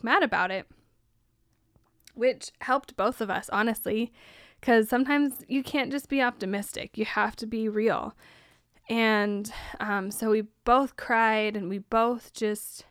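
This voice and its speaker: A woman's voice: medium pitch, fairly even intonation, a little slow, fairly bright tone, no echo, studio quality. A young woman hosting a podcast, telling a personal story in a candid, casual way with lots of "like". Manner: casual, candid, says "like" often. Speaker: podcast host.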